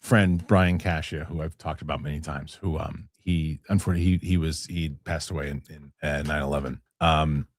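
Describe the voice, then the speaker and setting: A middle-aged man hosting a casual talk show, telling stories in an animated way with lots of restarts and fillers. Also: a bass voice, a little fast, hardly any pauses, dry recording, studio quality. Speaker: show host. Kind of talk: casual chat.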